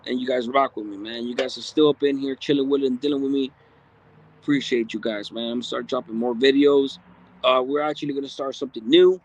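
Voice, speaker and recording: The audio sounds dull with no echo as a man of medium pitch hosts a livestream. He reads out viewer comments in a blunt, street-smart, casual way, swearing often.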